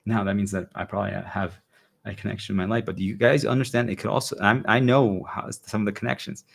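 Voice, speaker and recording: Deep-voiced man rambling earnestly to viewers. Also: steady tone, quick pace, vocal fry, a bit bright, slightly rough. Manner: earnest, rambling, keeps asking if listeners understand. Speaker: streamer talking to viewers. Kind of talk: casual monologue to an audience.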